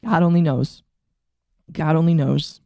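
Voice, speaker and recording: A woman streaming live in easy, casual chat with her audience, her voice mellow and low-key in tone. She sounds flustered and exasperated, muttering to herself as she works through technical settings. The sound is close and dry, with no room around it. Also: fairly even intonation, a little slow, vocal fry, dry recording. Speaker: VTuber streamer.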